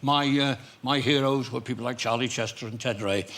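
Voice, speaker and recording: A man's voice: mid-range voice, fairly quick, background noise. An older man with a Liverpool accent, a comedian telling jokey anecdotes as a chat show guest, laughing and slipping into voices. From England. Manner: jokey, animated, breaks into laughter, does voices in his stories.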